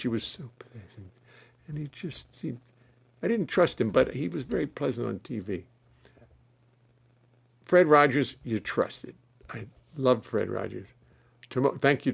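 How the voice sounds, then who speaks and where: Gravelly, playful male musician. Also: medium pitch. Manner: playful, chatty, reads out comments. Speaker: musician and host. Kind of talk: casual chat on a live stream. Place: his home studio.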